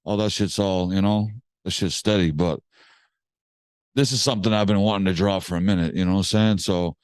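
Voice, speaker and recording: A young man from Massachusetts, a music producer telling a story in a casual podcast chat, animated and slangy, swearing casually. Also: deep voice, brisk, clean tone, dry recording. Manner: animated, slangy, swears casually, acts out other people's lines.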